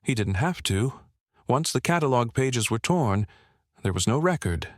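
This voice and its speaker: A man's voice: mid-range voice, expressive, measured pace, no room sound, studio quality, close to an everyday voice. A man reading the lines of a scheming older male colonel, clipped and terse. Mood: curt.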